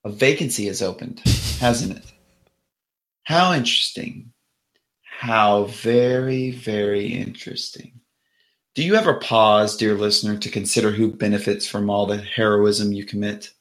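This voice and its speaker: A man voicing a creepy male sorcerer who speaks in a slow, insinuating, cryptic manner. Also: on the low side, fairly bright tone. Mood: sinister, musing.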